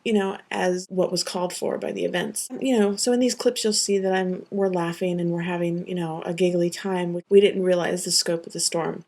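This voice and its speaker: A woman's voice: fairly low pitch, steady tone, brisk, few pauses, darkish tone. A young woman telling a personal story to camera, earnest and rambling with many fillers. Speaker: vlogger recounting a tornado.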